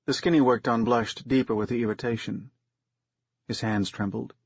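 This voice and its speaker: A man reads a story aloud in a steady, unhurried narration. His husky voice sits at a middle pitch. The recording is dry, dull and slightly muffled. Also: dry recording. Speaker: audiobook narrator. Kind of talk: scripted narration.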